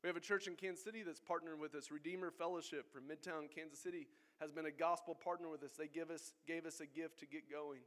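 A man's voice: fairly high pitch, fairly even intonation, fast talker, few pauses, fairly bright tone. A man preaching a sermon as pastor, earnest and exhorting his congregation. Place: church sanctuary.

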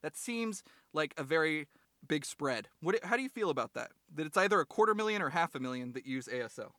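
A man's voice: on the high side, animated, a little fast. A young man co-hosting a podcast in casual comedic chat, rambling and acting out quotes in silly voices. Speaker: podcast co-host.

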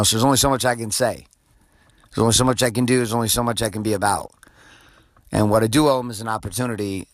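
Forceful, profane man in his forties. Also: medium pitch, no room sound. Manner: profane, intense, filler-heavy. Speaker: podcast host. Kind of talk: off-the-cuff motivational monologue.

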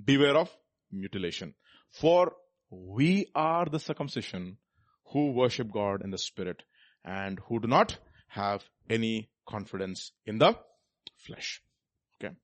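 A man's voice: lowish voice, lively intonation, a little slow, dry recording. A man preaching a sermon, reading scripture aloud and pressing the listeners with rhetorical questions. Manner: reads scripture aloud between comments.

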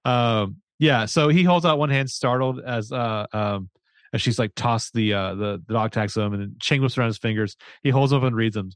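A man's voice: medium pitch, normal speed, clear, resonant tone, no room sound. A man co-hosting a book podcast, chattily recapping a novel and reading dialogue aloud. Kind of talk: casual chat, recapping a novel.

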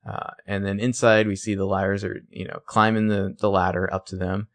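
A man casually recapping a TV episode on a podcast, acting out the characters' lines in quick put-on voices. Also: low voice, little pitch movement. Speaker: podcast co-host recapping a show. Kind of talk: casual chat.

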